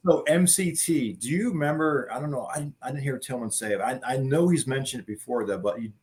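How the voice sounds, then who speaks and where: A man's voice: medium pitch, fairly quick, a crowd in the background. A middle-aged man, a guest, telling stories in a rambling, profane casual chat.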